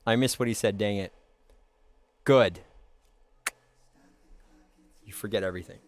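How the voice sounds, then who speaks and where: A man's voice: fairly low pitch, measured pace. A man hosting a live stream, joking and riffing with his chat in a playful, goofy way. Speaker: livestream host.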